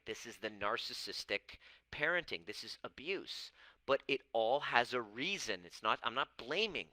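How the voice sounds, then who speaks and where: A man of Persian background talks casually to camera as a coach, his medium-pitched voice sharp-toned and dry, though the recording is low quality. He's blunt, swears freely, and acts out quoted voices along the way.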